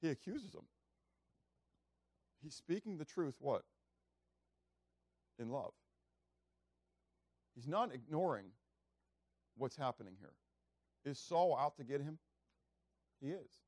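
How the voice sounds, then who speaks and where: A pastor with a medium-pitched, darkish voice preaches conversationally, putting questions to his listeners and acting out biblical speeches in a raised voice. The recording is dry.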